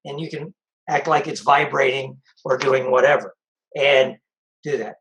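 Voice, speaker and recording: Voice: medium pitch, fairly even intonation, normal speed, a bit bright, rough recording. A sobriety coach giving practical advice in a casual, conversational way, repeating the key points. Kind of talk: casual spoken advice talk.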